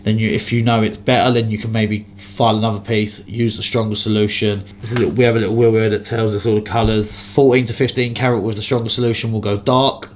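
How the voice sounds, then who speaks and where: A man's voice: fairly low pitch, flat delivery, fast talker, hardly any pauses. Jeweller guy talking through prices, chatty, explains everything step by step, bit of background noise. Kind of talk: casual explaining to camera and customer. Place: jewellery shop.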